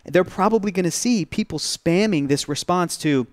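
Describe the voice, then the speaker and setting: A man co-hosting a talk show in casual chat, venting with heat and plenty of swearing. His voice sits fairly high for a man. The sound is dry and close, with no room echo. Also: normal speed. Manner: heated, profane rant with frequent restarts. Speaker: co-host of a pop culture news show.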